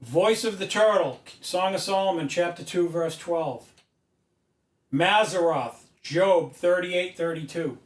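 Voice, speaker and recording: A man's voice: high-pitched, slow. Man lecturing in an echoey room. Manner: emphatic, preachy, rising to loud insistence. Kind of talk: whiteboard lecture. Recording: echoey room, mic far off.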